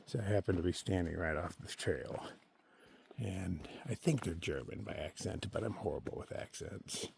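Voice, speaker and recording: A man talking casually to his camera while hiking a forest trail, chatty and opinionated, thinking out loud to himself. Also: deep voice, normal speed, vocal fry. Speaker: solo thru-hiker filming his hike. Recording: faint outdoor noise behind the voice.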